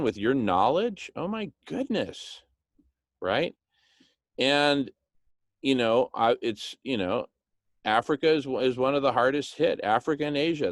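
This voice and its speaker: A man speaking in a medium-pitched voice, enthusiastic and animated as he pitches a plan. He keeps acting out little scenes and tagging "right?" onto his points. The sound is dry and close, with little room echo. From Hispanic background, speaks Spanish. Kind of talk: animated monologue.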